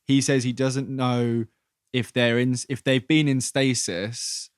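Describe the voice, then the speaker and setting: A man's voice: medium pitch, little pitch movement, takes it slowly, clean tone, no room sound, studio quality. A man co-hosting a podcast, chatting casually about a film and often trailing off mid-thought. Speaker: podcast co-host.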